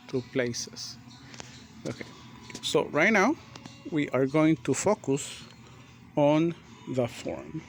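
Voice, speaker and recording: A man teaching a grammar lesson, repeating and spelling out words slowly and deliberately. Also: a little high, slight background noise. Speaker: English teacher.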